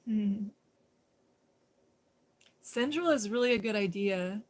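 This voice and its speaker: A middle-aged woman streams live from her phone, talking casually to viewers in her chat. She giggles often, and her voice sits at an ordinary pitch for a woman. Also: animated, takes it slowly, a little mellow.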